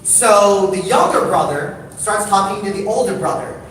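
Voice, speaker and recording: A man speaking to a live audience from across an echoey hall, his voice picked up from far off over steady background noise. He tells stories with animated energy and draws the crowd into questions. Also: sits high, normal speed. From United States. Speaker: storyteller. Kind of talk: live storytelling talk to an audience.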